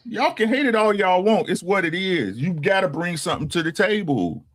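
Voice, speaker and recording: A older man in his sixties on a casual talk show, with a slightly high voice for a man. He lays out his opinions bluntly and profanely, stopping to check in with a "right?" after nearly every point. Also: animated, normal speed. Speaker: podcast co-host.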